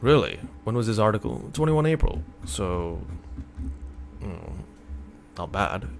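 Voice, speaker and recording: A man with a lowish voice reads a news article aloud into his desk mic and reacts to it in a casual, exasperated tone. He often cuts in with loud, blunt remarks. A faint hum of background noise sits behind him. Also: sing-song, takes it slowly, gravelly. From North America. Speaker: streamer. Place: at his computer. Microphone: computer desk mic.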